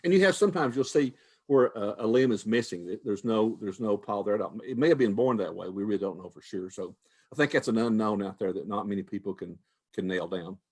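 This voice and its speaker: A man's voice: fairly low pitch, a little fast, darkish tone, husky. An older man, a retired wildlife manager, answering questions in a folksy, conversational way with frequent restarts. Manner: folksy, repeats words, restarts phrases.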